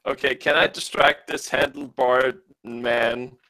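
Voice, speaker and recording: A man's voice: mid-range voice, steady tone, measured pace, creaky, sharp tone, no echo. A man playing in a tabletop game, talking eagerly and joking with the others. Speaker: player. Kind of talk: casual tabletop play.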